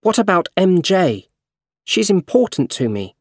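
A man's voice: sits high, big pitch swings, unhurried, dry recording, studio quality, voice pushed up, heavily acted. A man voicing a hurt, defensive young man. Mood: upset.

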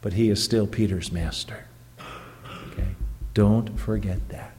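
A man's voice: on the low side, measured pace, long pauses, mellow, big-room sound. A man who is a pastor preaching a sermon in an earnest, emphatic way, often stopping to check in with the congregation through rhetorical questions.

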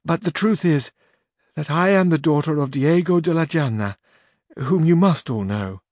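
A man's voice: fairly high pitch, animated, normal speed, darkish tone, no echo, clean studio sound, voice pushed up. A man reading aloud voices a shy young noblewoman in disguise who speaks in modest, tearful confusion. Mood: tearful pleading.

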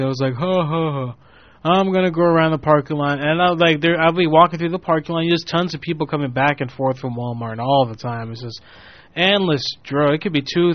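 Hosting a show, a man in his twenties with a mid-range voice spins a meandering, swear-heavy story in a casual way, acting out whoever he quotes with animation. The recording is muffled and lo-fi, with no echo.

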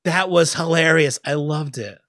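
A man co-hosting a podcast in a casual chat, animated, often laughing and acting out scenes in loud high bursts. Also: moderate pace, no echo, studio quality. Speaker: podcast co-host.

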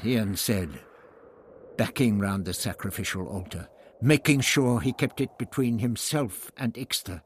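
A man narrating an adventure story as an audiobook, reading in an expressive, dramatic way. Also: on the low side, unhurried, a little hiss or hum.

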